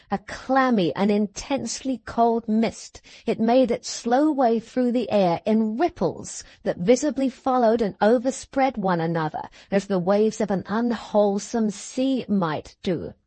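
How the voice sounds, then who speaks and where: Slow, measured woman narrating a classic novel. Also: fairly high pitch, darkish tone, no echo. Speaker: audiobook narrator.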